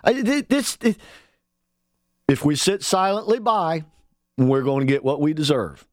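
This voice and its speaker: A man with a high-pitched voice runs a political talk radio monologue, heated and mocking by turns. He pushes his listeners to pick up the phone. The sound is dry and close, with no room around it. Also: a little slow, no echo. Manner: fired-up, sarcastic, calls on listeners to act.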